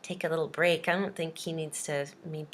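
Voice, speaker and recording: A woman's voice: sits low, steady tone, moderate pace, slight background noise, voice pushed down, natural voice. A woman voicing an eager, easygoing young man in a classroom story. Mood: sneaky. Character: eager, slightly lazy young male worker.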